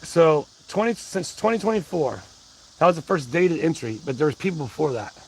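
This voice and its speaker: A man hosts a casual livestream, out of breath, rambling in a folksy way and greeting his chat by name. His voice is on the high side, animated and a little fast. The audio is poor, with a slight hiss or hum, and he wears a wireless mic on his body.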